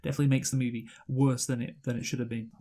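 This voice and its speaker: A man in his own easygoing voice, leading a relaxed film review talk with friends. He stumbles, restarts and laughs between thoughts, at a medium pitch. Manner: halting, laughs often, many restarts. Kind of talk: casual movie review chat.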